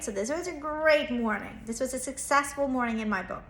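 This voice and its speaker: A woman's voice: fairly high pitch, brisk, few pauses, a bit bright, reverberant, slight background noise. A woman in her thirties, a therapist and parenting coach, telling a personal story in an earnest, reflective way, lifting her voice when she acts out quoted lines.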